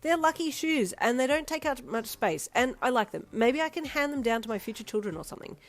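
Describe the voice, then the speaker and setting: A woman's voice: mid-range voice, lively intonation, fairly quick, close to an everyday voice. A woman voicing the listener character, an emotional young woman leaving home who turns sassy. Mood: indignant. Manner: quivering, tearful, then sassy.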